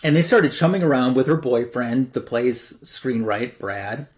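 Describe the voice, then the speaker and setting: A man's voice: medium pitch, animated, moderate pace. A man hosting a comic book show, casually retelling a story in a loose, rambling way full of fillers. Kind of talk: casual plot recap.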